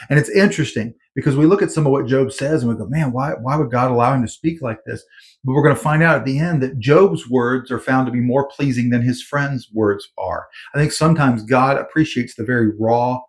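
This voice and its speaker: A man's voice: mid-range voice, a little fast. A man giving conversational Bible commentary in an earnest, informal way, with many fillers and restarts.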